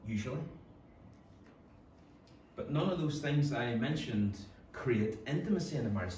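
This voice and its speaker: A man with a Northern Irish accent, a pastor preaching a sermon in earnest, with quick acted-out asides. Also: medium pitch, a little mellow, a little hiss or hum. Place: church hall. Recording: echoey church hall from a distance.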